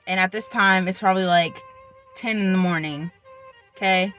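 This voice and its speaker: Bright-voiced young woman telling a story. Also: medium pitch, fairly even intonation, moderate pace, soft background music, low-quality recording. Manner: chatty, filler-heavy, with many likes and ums. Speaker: vlogger. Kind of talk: casual storytime.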